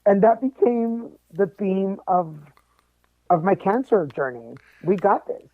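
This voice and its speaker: A man with a high voice tells a personal story as a podcast guest, animated and quick to joke. The sound is thin and phone-like, with a dry, close feel. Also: no room sound. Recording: tinny phone-like line, dry.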